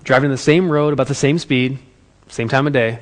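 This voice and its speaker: A man telling a story to an audience as a motivational speaker, in an animated, conversational way. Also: medium pitch, brisk. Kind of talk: storytelling talk.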